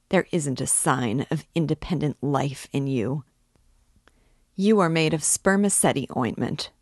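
Lady reading a loud bossy young guy yelling at his buddy, low voice, dry. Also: no echo. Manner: shouting, scolding, rapid outbursts. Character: hot-tempered young man, loud blustering friend.

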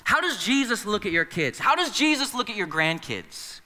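Bright-voiced pastor preaching in a big hall. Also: male voice, sits high, very animated, moderate pace. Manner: conversational, acts out quoted voices. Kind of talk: sermon. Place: church sanctuary. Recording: long reverb of a large hall.

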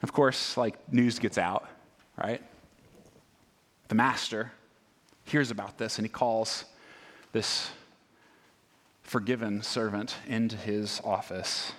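A man's voice: fairly low pitch, slow pace, pauses often. A man preaching a sermon in a conversational way, asking his listeners many rhetorical questions. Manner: conversational, animated, many rhetorical "right?" asides. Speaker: pastor.

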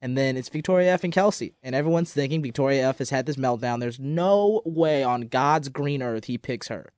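A man's voice: mid-range voice, brisk, no room sound. Man recapping in a dry close voice. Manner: animated storytelling, acts out quotes. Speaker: podcast co-host. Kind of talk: casual chat recapping a dating show.

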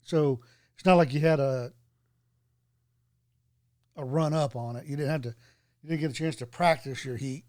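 A man's voice: on the high side, normal speed, pauses often, dark tone, no room sound, studio quality. A man talking in an easygoing way, full of fillers, in casual chat. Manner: easygoing, filler-heavy talk.

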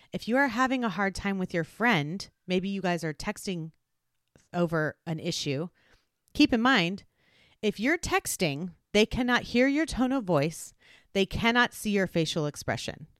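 Lively, expressive woman podcast host. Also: mid-range voice, normal speed, clean tone, no echo, studio quality. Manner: earnest, animated, acts out tones of voice. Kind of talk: solo podcast advice talk.

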